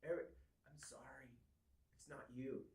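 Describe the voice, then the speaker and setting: A man co-hosting a podcast, telling a personal story in a candid, halting way with many restarts. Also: medium pitch, fairly even intonation, a little mellow. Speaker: podcast co-host. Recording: echoey room, far from mic.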